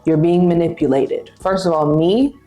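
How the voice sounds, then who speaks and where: A young woman in her twenties talks straight to camera with blunt, playful big-sister candour as she reads viewer questions. Her voice sits a little low and sounds mellow and warm. Faint music plays underneath. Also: moderate pace. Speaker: vlogger giving advice. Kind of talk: casual advice chat, reading viewer questions.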